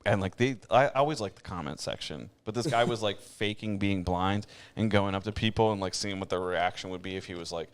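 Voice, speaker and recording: A man hosting a podcast in casual chat, relaxed and rambling, with lots of fillers and frequent laughs. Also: low-pitched, fairly quick, few pauses, clean tone, no echo. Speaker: podcast host.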